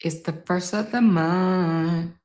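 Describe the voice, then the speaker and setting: A woman's voice: fairly low pitch, fairly even intonation, slow pace, a little mellow. A woman hosting a casual livestream, talking straight to her viewers and laughing easily. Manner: chatty, addresses viewers directly. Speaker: livestream host.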